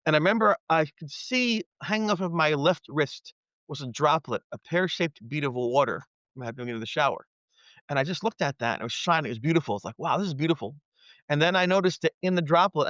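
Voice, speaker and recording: A man's voice: on the high side, lively intonation, a little fast, fairly bright tone, dry recording. A man in his fifties, a podcast guest, telling a personal story earnestly and acting out his own past thoughts. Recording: dry, dull lo-fi audio.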